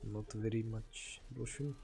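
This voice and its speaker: A man's voice: on the low side, steady tone, measured pace, vocal fry, mellow, slight background noise. A man from Greece with a Greek accent, chatting casually and laughing often while streaming a game and answering chat.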